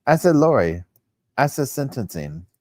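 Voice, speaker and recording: It's a casual livestream where a man chats lively with viewers, calling them y'all. His voice is medium-pitched at an ordinary pace, recorded dry with clean studio sound.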